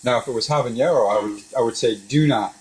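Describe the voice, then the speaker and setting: A middle-aged man chats casually in his home kitchen while he cooks with his son. His voice sits at an ordinary pitch, and he tells his story in an animated way, laughing often. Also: racing, background noise. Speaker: father cooking with his son. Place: home kitchen beside a deep fryer.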